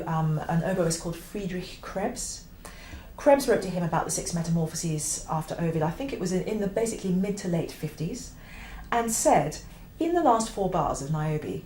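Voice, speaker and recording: A woman teaching the oboe, explaining a piece with clear emphasis and now and then singing a phrase. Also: on the low side, dark tone, roomy sound, a little hiss or hum. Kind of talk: instructional explanation.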